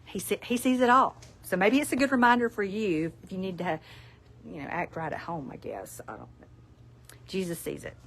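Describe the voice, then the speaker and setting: This is a middle-aged woman from South Alabama with a Southern accent, hosting a relaxed live sales stream. She chats to her viewers in a folksy way, with frequent laughs and asides. Her voice sits at an ordinary middle pitch. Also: brisk, vocal fry, slight background noise. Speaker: store owner presenting products.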